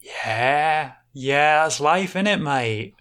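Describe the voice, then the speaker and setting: A woman voicing a gruff pub bartender, blunt and dismissive. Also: deep voice, animated, drawn-out words, fairly bright tone, full character voice. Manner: blunt, repeatedly says mate.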